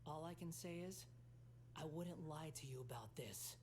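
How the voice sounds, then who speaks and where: A voice actor playing an aloof, sardonic young male puppet-god in a game, speaking in a cool, clipped, soft-spoken way. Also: fairly high pitch, moderate pace, a little hiss or hum, natural voice. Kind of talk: game cutscene dialogue.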